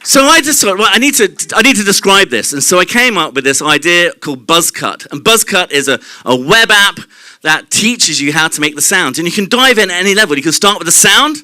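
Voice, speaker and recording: Bright, lively male presenter. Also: high-pitched, fairly quick, no room sound. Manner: lively and explanatory, demonstrates mouth sounds and quizzes the audience. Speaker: presenter at a live short-talk night. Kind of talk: live stage presentation. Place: club venue at a live evening event.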